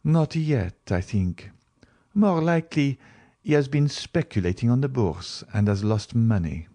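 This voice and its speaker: A man voicing a composed, worldly nobleman who speaks in a smooth, measured, knowing way, in an audiobook reading. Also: mid-range voice, expressive, warm tone, voice pushed up. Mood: assured. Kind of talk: audiobook character voice.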